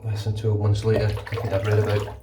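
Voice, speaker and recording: A man's voice: fairly low pitch, monotone, fairly quick, noisy background. A man vlogging in a rambling, casual way, swearing now and then, while he shaves in a bathroom. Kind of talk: casual chat. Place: bathroom with running water. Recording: echoey bathroom, mic at a distance. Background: running tap water.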